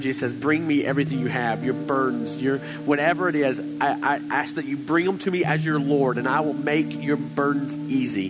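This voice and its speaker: A man preaching a sermon, moving between quiet scripture reading and loud, emphatic exhortation. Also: mid-range voice. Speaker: pastor. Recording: long hall reverb with faint hiss.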